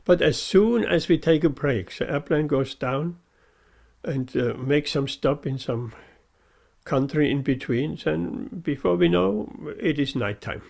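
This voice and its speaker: Man preaching a devotional talk, really gravelly voice, pitched a bit high, earnest and emphatic. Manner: earnest, emphatic, repeats key phrases. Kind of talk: devotional sermon.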